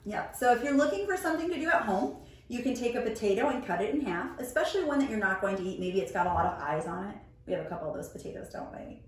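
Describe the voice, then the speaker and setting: A woman's voice: on the high side, lively intonation. Patient teacher woman in an echoey room. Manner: patient, gentle, sounds out words slowly. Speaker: preschool teacher. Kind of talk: teaching a child on video. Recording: very echoey room, mic far off.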